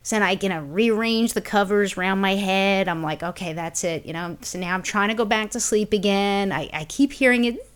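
A woman from Brooklyn, co-hosting a podcast and telling a story in an exasperated, animated way. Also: mid-range voice, fairly quick, few pauses, clear, resonant tone. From Brooklyn, New York. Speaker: podcast co-host. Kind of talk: casual comedic chat.

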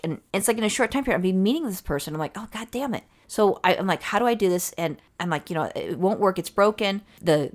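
A woman co-hosting a casual chat, telling a story in a heated, fast way with plenty of swearing. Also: fairly low pitch. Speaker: podcast co-host.

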